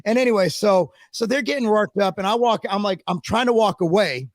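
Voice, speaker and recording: Podcast co-host, male, gravelly high voice, dry close sound, swears freely. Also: a little fast, no echo. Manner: animated, profane, acts out quoted people. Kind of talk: casual storytelling chat.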